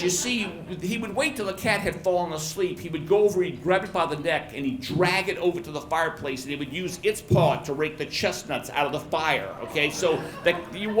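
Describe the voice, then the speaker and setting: Middle-aged male storyteller, folksy and lively, fairly high voice; live pub set, roomy. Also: a little hiss or hum. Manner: folksy, animated, repeats words. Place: pub stage before an audience. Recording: roomy pub with faint chatter.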